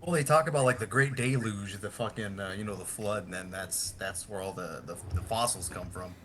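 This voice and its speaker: A man's voice: lowish voice, fairly quick, a bit bright, slight background noise. A man co-hosting a podcast, joking around in loose, profane banter. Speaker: podcast co-host. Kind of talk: casual chat.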